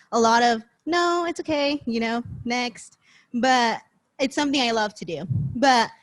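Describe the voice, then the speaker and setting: Young woman recipient, emotional thank-you speech, slightly high voice. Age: 20s. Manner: chatty, heartfelt, close to tears. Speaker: scholarship recipient. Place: banquet event.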